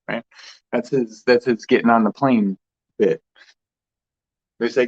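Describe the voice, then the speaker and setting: Man host musing aloud in a loose, rambling way; mid-pitched, slightly dull recording. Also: measured pace, long pauses, a little mellow, husky. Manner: loose and rambling, with frequent restarts and laughs. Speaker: spiritual vlogger host. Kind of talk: rambling casual monologue.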